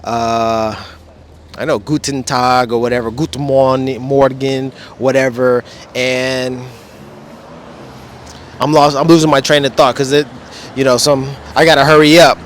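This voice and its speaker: A man's voice: mid-range voice, level tone, unhurried, pauses often, slight background noise. Easygoing male vlogger who rambles in slang while talking to camera outside. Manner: rambling, laid-back slang. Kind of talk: casual vlog. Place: outdoors beside a wall display.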